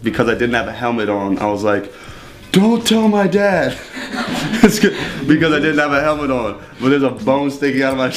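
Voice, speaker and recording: A man's voice: medium pitch, fairly bright tone. A young man telling stories casually in an interview, swearing often and laughing between lines. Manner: profane, rambling, laughs often. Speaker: interview guest. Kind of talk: casual storytelling.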